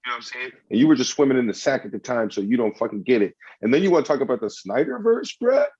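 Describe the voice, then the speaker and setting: A man's voice: medium pitch, big pitch swings, quick pace, slightly rough. A man arguing heatedly and swearing freely in a comedic podcast debate. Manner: loud, argumentative, swears a lot. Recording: dull lo-fi sound.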